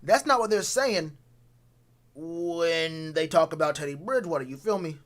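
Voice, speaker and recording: A man's voice: a little high, animated, moderate pace, fairly bright tone. A man streaming a casual, slangy sports rant, blunt and repeating phrases for emphasis. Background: talks to a live chat.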